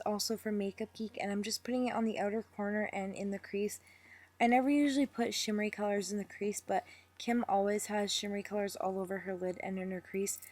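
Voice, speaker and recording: A young woman talking through a makeup tutorial step by step, speaking deliberately slowly in a chatty way. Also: medium pitch, darkish tone. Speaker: beauty vlogger.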